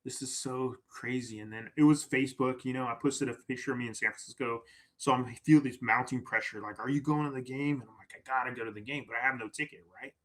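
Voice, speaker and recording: A podcast guest with a mid-range voice talks fast as he tells a story in a casual, animated way. He acts out quoted lines and keeps tagging on "right?".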